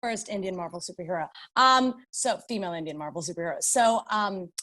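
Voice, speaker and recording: A woman in her thirties from Canada, a guest actor telling a story in a casual interview and acting out quotes with big jumps in pitch. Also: fairly quick, bright, forceful tone.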